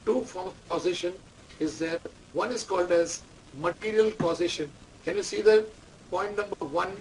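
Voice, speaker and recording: A man's voice: sits high, moderate pace, a little mellow. A man giving a classroom lecture, repeating key terms and quizzing students. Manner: repetitive, quizzing the class, dictating instructions. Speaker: management lecturer. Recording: distant mic, faint room noise.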